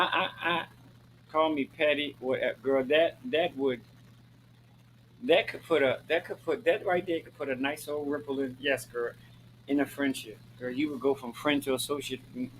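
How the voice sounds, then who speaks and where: Speaking at normal speed, a man with a medium-pitched, fairly bright voice keeps a steady tone; the low-quality recording has slight background noise. He's from Maryland, USA, and hosts his own show, talking casually to viewers with sass and flamboyance, calling them honey and girl and cursing freely. The monologue is preachy and emphatic, with repetition for effect.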